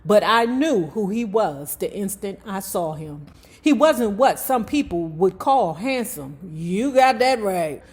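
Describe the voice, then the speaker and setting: A woman's voice: mid-range voice, expressive, takes it slowly, a little mellow. Sassy woman reading aloud with asides. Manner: chatty, sassy asides to viewers; profane, slangy talk. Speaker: YouTube host reading a memoir aloud. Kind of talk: reading aloud with casual commentary.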